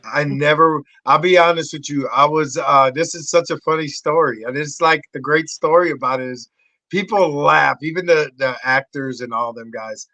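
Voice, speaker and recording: Animated, swearing male podcast guest. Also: moderate pace, no room sound, low-quality recording. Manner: excitable, swearing, acts out voices in high shouts. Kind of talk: animated storytelling.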